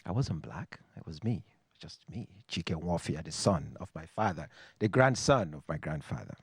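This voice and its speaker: Nigerian man telling a lively story. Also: low-pitched, breathy edge, no room sound. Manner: reflective and wry, with dramatic pauses and refrains. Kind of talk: personal story told to a live audience. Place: stage before a live audience.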